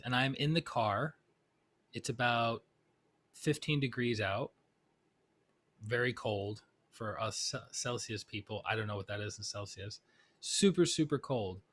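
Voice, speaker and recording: Man, middle-aged, spiritual teacher, storytelling talk, medium pitch, keeps asking "right?".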